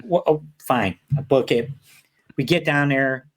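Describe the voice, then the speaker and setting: A man chatting as a podcast guest, telling stories in an animated way and swearing freely. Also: measured pace. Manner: animated storyteller, swears freely, lively pitch swings. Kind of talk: casual chat.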